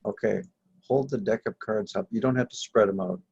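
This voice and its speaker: Gravelly man on a lo-fi call. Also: on the low side, fairly quick, darkish tone, no room sound. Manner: teasing, explains card-reading. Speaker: workshop participant. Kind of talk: casual group chat.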